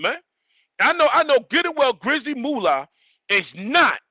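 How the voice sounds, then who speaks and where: A man's voice: high-pitched, dry recording. A man hosting a live stream, ranting emphatically and repeating his points. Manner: animated, emphatic, repeats himself. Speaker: livestream host.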